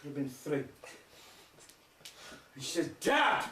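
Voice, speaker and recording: A man's voice: fairly high pitch, very animated, moderate pace, distant mic. A man telling rambling, sweary stand-up jokes and laughing along with them. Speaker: comedian. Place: live music festival stage. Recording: roomy hall, mic from afar, faint noise.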